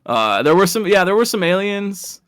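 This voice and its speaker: A man's voice: high voice, big pitch swings, normal speed, fairly bright tone, dry recording, studio quality. Chatty rambling male race commentator. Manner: rambling and chatty, laughs at his own stories. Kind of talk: casual live stream commentary.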